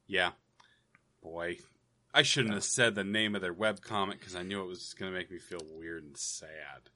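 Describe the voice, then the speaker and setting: A man's voice: low-pitched, moderate pace, bright, forceful tone. A man co-hosting a casual gaming podcast, talking in a wry, jokey way. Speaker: podcast co-host.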